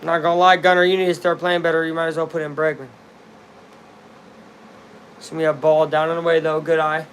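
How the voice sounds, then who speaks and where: A young man with a bright, high voice rambles through casual live baseball commentary. He drifts into chatty asides and then erupts into shouts when a big play lands. A faint air-conditioner hum sits under his voice. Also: flat delivery, a little fast, long pauses. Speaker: fan streamer watching the game live.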